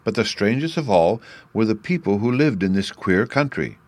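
Male storybook narrator; low voice, dry close recording. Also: expressive, normal speed, no echo. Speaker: audiobook narrator.

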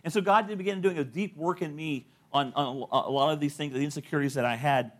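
Speaking fast in a slightly high voice, this middle-aged pastor delivers a sermon. He tells stories, plays the parts of those he quotes, and frequently chuckles at what he's saying.

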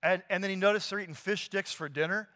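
Animated man preaching in a reverberant hall. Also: high voice, quick pace. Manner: animated storytelling, casual slang, many fillers. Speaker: pastor. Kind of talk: sermon.

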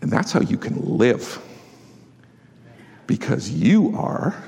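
A man preaching a sermon as a pastor, emphatic and exhorting his congregation with quick asides. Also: mid-range voice, sing-song, creaky, a little mellow, slightly rough. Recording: long hall reverb.

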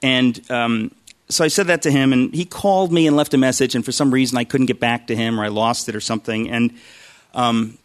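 A man's voice: medium pitch, fairly quick. A man tells a personal story in a loose, conversational way, circling back with restarts and little self-mocking asides. His voice sits in an ordinary middle register. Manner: rambling, self-deprecating, with frequent restarts. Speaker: speaker telling a personal faith story. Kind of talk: casual storytelling.

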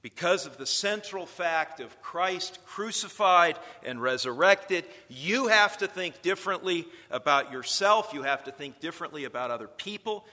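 A man's voice: fairly high pitch, animated, normal speed, few pauses, bright, forceful tone, long reverb tail. A man lecturing future preachers in a sermon style, telling stories and building to emphatic points.

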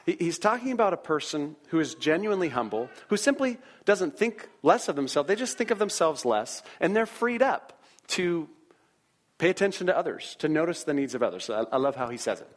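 A man's voice: a little high, big pitch swings, brisk. A man preaching a sermon as a pastor, talking in an earnest, conversational way with rhetorical questions.

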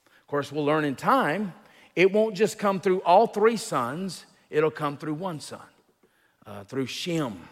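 Teaching through an expository sermon, this male pastor takes his time, using fillers and restarts while his emphasis rises on the main points. He speaks on the high side with lively intonation, in a big-room acoustic.

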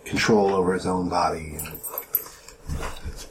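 A man narrates as game master, his voice sitting on the lower side. He describes creatures and scenes in halting bursts with frequent restarts. The recording carries a clear layer of background noise. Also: fairly even intonation. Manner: halting, many restarts and fillers while describing.

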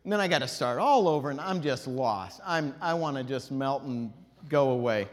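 A man's voice: mid-range voice, normal speed. Man teaching in a reverberant hall. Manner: animated, demonstrates tones by singing out long vowels. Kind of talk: classroom lesson.

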